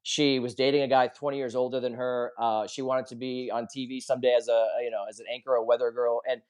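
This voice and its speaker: A man's voice: mid-range voice, flat delivery, fast talker, darkish tone, smooth. A man in his forties, a podcast guest, telling a heartfelt personal story in an earnest, confessional way and acting out the dialogue. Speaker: podcast guest, coach and author.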